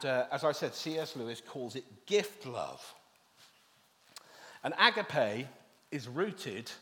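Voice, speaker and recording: A man's voice: mid-range voice, fairly bright tone, in a large hall. A man, preaching a sermon with wry asides and self-deprecating humour. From England. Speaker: pastor.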